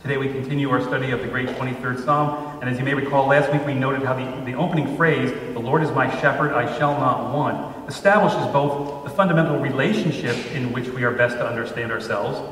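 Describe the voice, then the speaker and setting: A man preaching a sermon as pastor, measured, slowing down to stress scripture lines. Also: mid-range voice, fairly bright tone, a little hiss or hum. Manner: measured, with slow emphatic pauses on scripture. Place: church sanctuary. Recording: roomy church hall from far off.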